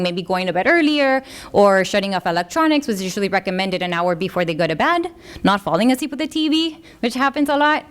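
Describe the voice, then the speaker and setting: A presenter at a parenting workshop talks to parents informally and earnestly, her medium-pitched voice expressive, smooth and fast. When quoting parents or kids, she takes on their voices.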